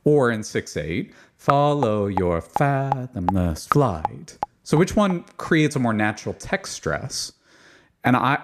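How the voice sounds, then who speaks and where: A man, a composer, explaining his choral writing in an interview, thoughtful and explanatory. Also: medium pitch. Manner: demonstrates rhythms by chanting and singing them. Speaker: composer guest. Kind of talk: interview about choral music.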